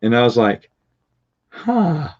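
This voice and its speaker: A man's voice: medium pitch, sing-song, slow pace. Rambling man, lo-fi sound. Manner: rambling with restarts and chuckles. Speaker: vlogger telling stories. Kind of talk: casual storytelling. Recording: dull lo-fi recording.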